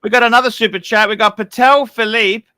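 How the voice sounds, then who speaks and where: A man's voice: high-pitched, steady tone, fairly quick, bright, forceful tone, smooth, no room sound. A man hosting a casual livestream chat, asking blunt, provocative questions. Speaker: livestream host.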